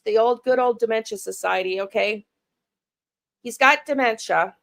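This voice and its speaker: A woman's voice: medium pitch, gravelly. A middle-aged woman from Canada speaks in a personal vlog monologue. She restarts often and repeats words as she goes. Her tone is frustrated and blunt, with casual swearing. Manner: halting and emotional, frequent restarts and repeated words. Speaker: true crime channel host.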